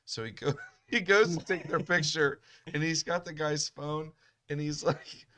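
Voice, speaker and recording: A man's voice: a little high, moderate pace, a bit bright. A man co-hosting a podcast, eagerly telling a family anecdote and speeding up as he goes. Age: adult. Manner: eager, speeds up through his stories. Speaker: podcast co-host. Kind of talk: casual storytelling.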